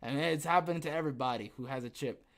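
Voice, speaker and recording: A man's voice: mid-range voice, fast. Joking, rambling male podcast host. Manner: joking, rambling, animated with sudden loud bursts. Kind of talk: casual livestream chat reading viewer comments.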